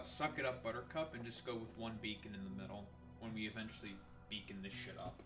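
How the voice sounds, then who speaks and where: Rambling Canadian streamer, bright lively voice. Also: male voice, medium pitch, distant mic. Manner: rambling, swearing, thinking aloud. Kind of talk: casual gameplay commentary.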